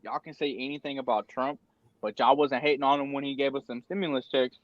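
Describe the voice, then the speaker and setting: A man's voice: medium pitch, steady tone, fast, no echo, highs cut off. A young man co-hosting a podcast in casual chat, joking and swearing in slang. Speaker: podcast co-host.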